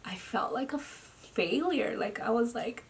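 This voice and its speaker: A tired young woman speaking a personal video diary at home into her camera. She talks haltingly, with lots of "like," and often drops into a near whisper. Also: a little high, lively intonation. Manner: slow, halting, with frequent "like" fillers and soft, near-whispered stretches. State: tired and drained. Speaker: vlogger. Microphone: camera mic.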